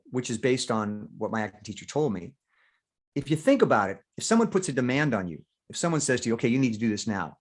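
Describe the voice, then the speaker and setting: An older man talks with animated candor as an interview guest, slipping into little acted-out inner voices. He swears freely and keeps an even middle pitch. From United States. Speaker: guest actor. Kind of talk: candid interview talk.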